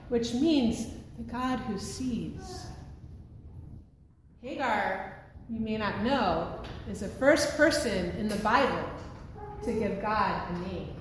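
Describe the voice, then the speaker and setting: A woman's voice: mid-range voice, animated, slow pace, long pauses, a little hiss or hum. A woman preaching a sermon from the pulpit in an earnest, emphatic way. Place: church sanctuary. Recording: echoey hall, heard from a distance.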